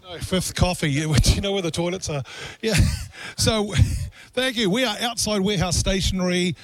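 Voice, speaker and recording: A man's voice: high-pitched, moderate pace. A man with a New Zealand accent hosting a live outside radio broadcast, chatty and joking, laughing often.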